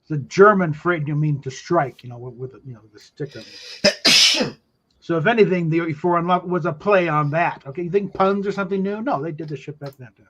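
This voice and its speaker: A man's voice: a little high, a little fast, pushed and bright. A man co-hosting a livestream in casual chat, chuckling and making dry asides. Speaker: podcast co-host. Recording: dull lo-fi mic.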